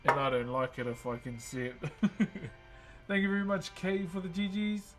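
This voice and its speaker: A man's voice: sits high, moderate pace, loud music behind the voice. Chatty New man streaming. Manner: relaxed, chatty, thanks viewers often. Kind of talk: casual live-stream chat while working.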